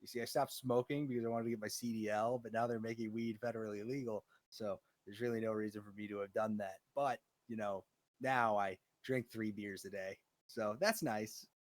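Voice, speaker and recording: A man's voice: on the low side, fairly quick, no room sound. Profane, rambling young man. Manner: profane, rambling, animated storytelling. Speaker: co-host. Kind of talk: casual chat.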